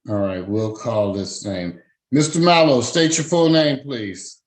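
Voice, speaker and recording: A man's voice: mid-range voice, measured pace, rough recording. A man presiding as a judge, formally reading out charges, fines and rights in a court hearing. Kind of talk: court proceedings over a video call.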